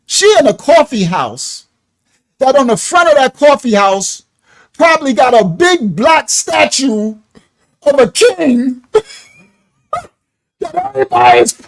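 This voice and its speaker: A man hosting a live online ministry stream, commenting on a video in an animated way, laughing often and breaking off to apologize. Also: very high voice, slow, vocal fry, long pauses, rough recording.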